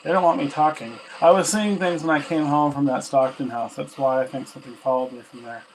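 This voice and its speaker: Over the steady static of a ghost box, a paranormal investigator at home questions spirits aloud, chatting casually and teasing them about their replies. His medium-pitched voice is brisk, and the recording sounds rough.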